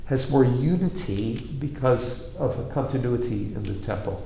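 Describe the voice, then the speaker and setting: A man's voice: medium pitch, lively intonation, normal speed, vocal fry, dark tone, a little hiss or hum. A man teaching a piano masterclass, coaching a student with wry, probing questions between passages of playing. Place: large roomy hall with a piano. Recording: roomy hall echo with piano.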